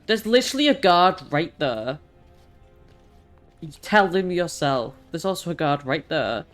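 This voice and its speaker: A streamer narrating a game as they play, chatty and exasperated, swearing freely. The talk is slow and unhurried, with faint game music underneath. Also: medium pitch, sing-song, a bit bright. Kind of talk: live game stream commentary.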